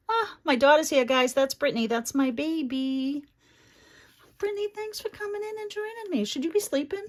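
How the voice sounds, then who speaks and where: A woman's voice: high voice, animated, moderate pace. A middle-aged woman hosting a chatty livestream craft tutorial, reading viewer comments aloud between steps. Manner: chatty, warm toward her daughter and viewers, reads chat aloud.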